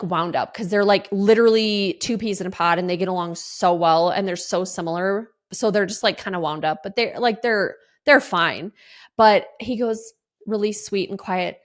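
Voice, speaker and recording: A woman in her forties hosting a podcast, telling a rambling, exasperated story in a casual style and swearing freely. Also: medium pitch. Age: 40s. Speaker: podcast host.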